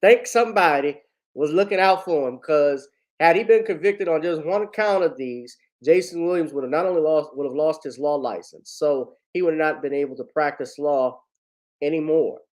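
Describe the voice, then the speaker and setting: A man's voice: on the high side, normal speed, darkish tone, rough recording. A man vlogging casual commentary, talking in a rambling way to his viewers as family.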